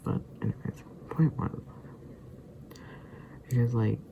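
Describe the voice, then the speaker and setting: A man's voice: mid-range voice, takes it slowly, gravelly, noisy background. A tired, sleepy man rambling casually to the camera, sometimes drifting into muttered whispers. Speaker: vlogger.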